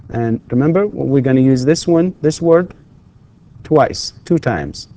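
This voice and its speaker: Male university English lecturer; patient, repetitive, warm low tone. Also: unhurried. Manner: patient, repeats and prompts students with questions. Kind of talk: recorded classroom lecture.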